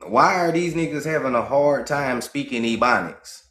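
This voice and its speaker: A man from Georgia with a Southern US accent, hosting an impassioned livestream monologue. He talks emphatically and profanely, his voice climbing high when he gets worked up. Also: normal speed. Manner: emphatic, profane, rising to excited high pitch. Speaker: livestream host. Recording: roomy echo.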